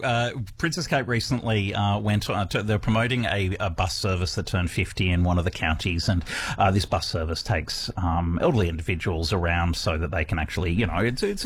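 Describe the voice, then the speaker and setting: A man's voice: fairly low pitch, slightly rough. A man co-hosting a casual chat show, dry and joking, with many fillers. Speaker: radio co-host.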